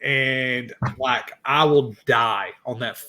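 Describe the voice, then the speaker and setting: A young man hosting a casual podcast chat, excitable and swearing freely. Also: medium pitch, slow. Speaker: podcast host.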